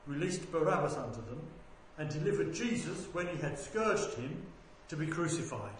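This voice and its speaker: A man reading a Bible passage aloud in a measured, deliberate way, lifting his voice for quoted speech. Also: on the high side, animated. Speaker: scripture reader. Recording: very echoey room with faint background noise.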